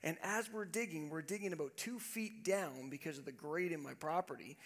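High-voiced man preaching a story. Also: fairly quick. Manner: storytelling, animated and self-deprecating. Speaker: pastor. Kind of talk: sermon.

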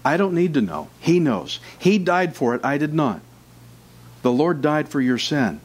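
A man's voice: a little high, very animated, unhurried, breathy edge. A man preaching a sermon with fervor, who acts out his listeners' doubts in short quotes.

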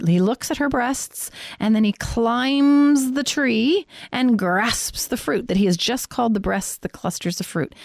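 A woman's voice: mid-range voice, a little mellow, no echo. Woman, middle-aged sex therapist; plain-spoken, explanatory teaching tone, dry recording. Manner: frank, explicit, explanatory. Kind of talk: faith-based teaching on sexuality.

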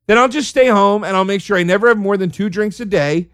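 Male podcast host, slightly high voice, profane comedic ranter. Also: fast talker, fairly bright tone, dry recording, clean studio sound. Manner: ranting, profane, exasperated. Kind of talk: casual comedic monologue.

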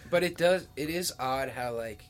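A man in casual chat, talking in a relaxed, laid-back way and often trailing off. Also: medium pitch, moderate pace, a little hiss or hum.

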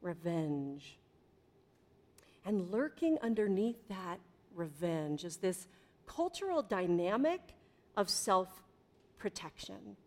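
A middle-aged woman preaching a sermon in a conversational way, with dramatic pauses and big swings in volume. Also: medium pitch, very animated, a little mellow. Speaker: pastor.

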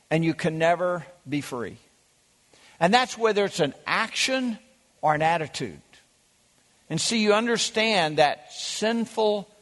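Male pastor, sermon, high voice, emphatic, long pauses, reverberant hall. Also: creaky. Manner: emphatic preaching with dramatic pauses and drawn-out words.

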